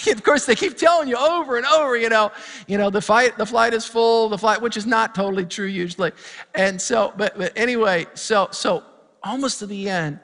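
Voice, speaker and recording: A man's voice: high voice, normal speed, sharp tone, long reverb tail. A middle-aged male pastor preaching a sermon, telling a story and building to fired-up preaching. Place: church sanctuary.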